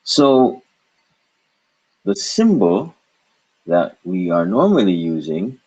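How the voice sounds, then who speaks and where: A man with a deep, slightly husky voice teaches a recorded language lesson. He explains patiently, posing questions and then answering them himself. The recording sounds dull and lo-fi. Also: a little mellow.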